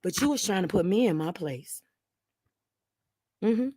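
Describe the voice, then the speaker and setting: A woman hosting her channel, ranting angrily at someone. She repeats herself, swears, and swings from low muttering to shouting. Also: expressive, unhurried, dry recording, studio quality. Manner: swears freely, addresses viewers directly. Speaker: channel host. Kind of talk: heated direct-to-camera rant.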